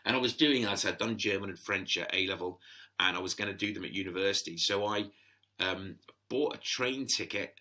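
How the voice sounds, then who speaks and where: As a guest on a podcast, a middle-aged Englishman tells stories casually in a chatty, rambling way full of restarts. His voice is low and sharp, and he talks a little fast.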